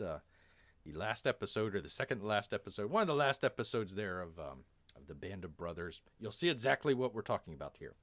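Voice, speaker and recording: A man's voice: fairly low pitch, a bit bright, no echo. A man telling a story on a live stream, rambling with many fillers and referring to himself in the third person.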